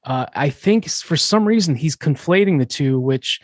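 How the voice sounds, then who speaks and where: A man's voice: on the high side, expressive, normal speed, no echo. A man hosting a podcast, explaining in a casual, chatty way with fillers and restarts. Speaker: podcast host.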